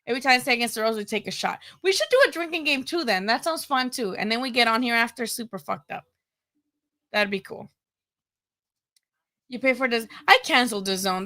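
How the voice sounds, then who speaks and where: A woman's voice: fairly high pitch, bright, forceful tone. A woman with a Chicano English accent hosting a boxing live stream in casual chat, laughing often and saying "dude" a lot.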